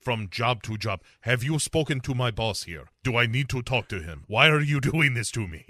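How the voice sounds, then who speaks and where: A man's voice: mid-range voice, animated, moderate pace, bright, forceful tone, dry recording, clean studio sound. A man voicing an exasperated young male busboy who pleads in a whiny, indignant rush.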